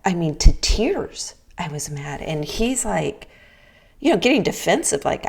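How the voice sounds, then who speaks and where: Unhurried chatty woman vlogger. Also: on the low side, big pitch swings, gravelly, husky. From US Pacific Northwest. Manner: chatty and candid, frequent restarts and "right?" asides. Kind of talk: casual personal talk.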